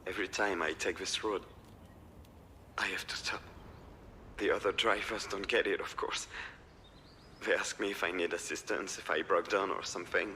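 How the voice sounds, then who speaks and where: A man voicing a sad, worn-down man in a video game, talking softly and wistfully. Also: low-pitched, steady tone, a little fast, slight background noise.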